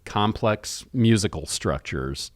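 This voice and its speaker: A man's voice: fairly low pitch, animated, slow, dry recording, clean studio sound. A man co-hosting a podcast, chatting casually and thoughtfully about music, rambling with restarts. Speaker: podcast co-host.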